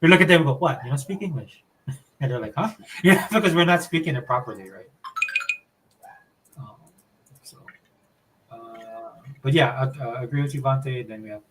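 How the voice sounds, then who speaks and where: A man from Hawaii with a Hawaiian accent, chatting casually as a podcast co-host in a relaxed, rambling way. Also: mid-range voice, moderate pace, pauses often, a little hiss or hum, poor audio. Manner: laid-back, rambling explanations. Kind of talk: casual chat.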